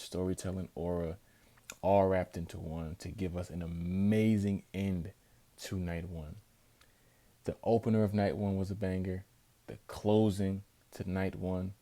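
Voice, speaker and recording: A man reviewing a wrestling event in a casual vlog, telling it with excited emphasis. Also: deep voice. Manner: excitable, emphatic, animated storytelling.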